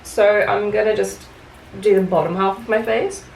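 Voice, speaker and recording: Chatty woman with a gravelly fry. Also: mid-range voice, steady tone, moderate pace, darkish tone. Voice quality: chatty, full of "like" and "um" fillers. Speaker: beauty vlogger. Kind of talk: casual storytelling rant while doing makeup. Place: room at home, doing makeup. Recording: echoey room, faint background hiss.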